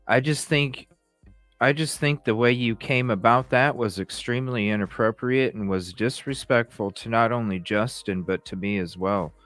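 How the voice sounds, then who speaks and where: A man's voice: medium pitch, moderate pace, a bit bright, no echo, soft background music. A man hosting a podcast, reading text messages aloud and reacting with profane, incredulous commentary. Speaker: podcast host.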